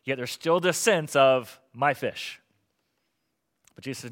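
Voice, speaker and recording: A middle-aged man preaching a sermon as pastor, conversational and animated, asking the congregation rhetorical questions. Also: medium pitch, unhurried, long pauses.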